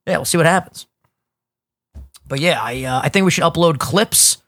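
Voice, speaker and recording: Animated, swearing young man. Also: a little high, moderate pace, dry recording, clean studio sound. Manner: animated, swears a lot, plays with voices. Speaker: podcast co-host. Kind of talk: casual podcast chat.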